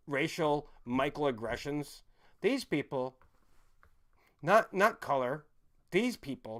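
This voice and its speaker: A man hosting a live stream, ranting in a heated, profane way that swings between shouting and muttering. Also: medium pitch.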